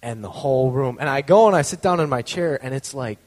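A man's voice: medium pitch, expressive, fairly quick, a little mellow, big-room sound. A man telling a personal story in a casual, conversational way, full of fillers and acted-out quotes. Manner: acts out quoted voices.

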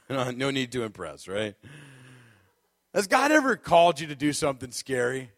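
A man's voice: fairly high pitch, brisk, no room sound. A man preaching as a guest speaker, telling a comic personal story with lots of laughter before turning to a sermon. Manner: animated storyteller, laughs often, acts out moments.

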